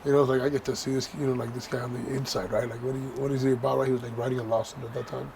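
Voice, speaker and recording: A man in an interview telling candid stories, keeps adding "right?" and gets animated. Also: mid-range voice, rapid-fire, creaky, noisy background. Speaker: interview guest, copwatcher.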